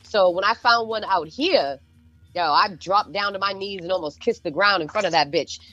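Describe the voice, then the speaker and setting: Woman with a Boston accent, a DJ guest, animated and profane, middle pitch, slightly muffled dry recording. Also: normal speed, dry recording, soft background music. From Boston North Shore. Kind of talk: casual podcast chat.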